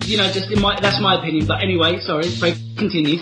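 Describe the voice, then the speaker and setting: A man co-hosting a casual podcast rambles with crude humor and enthusiasm. His voice sits a bit high for a man. Clear music runs behind the talk. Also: fairly even intonation, quick pace, low-quality recording. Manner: rambling, crude wrestling fan. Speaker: podcast co-host. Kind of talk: casual comedic chat.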